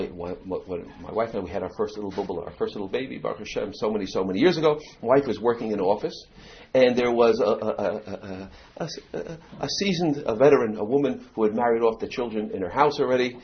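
A man's voice: fairly low pitch, fairly quick. A middle-aged man gives a storytelling talk to his community. He acts out anecdotes and leans on "you know" fillers. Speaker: community speaker. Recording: dull lo-fi recording.

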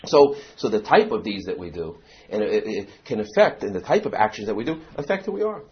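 A man's voice: on the low side, sing-song, brisk. A middle-aged man gives a storytelling talk to his community. He acts out anecdotes and leans on "you know" fillers. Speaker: community speaker. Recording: dull lo-fi recording.

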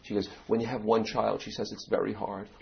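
A man's voice: lowish voice, little pitch movement, fairly quick, gravelly, slight background noise. A middle-aged man gives a storytelling talk to his community. He acts out anecdotes and leans on "you know" fillers. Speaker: community speaker. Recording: dull lo-fi recording.

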